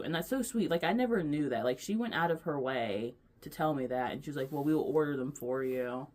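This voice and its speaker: A young woman vlogging in a casual, rambling chat, chatty and gushing, full of fillers and restarts. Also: sits low. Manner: gushing, affectionate.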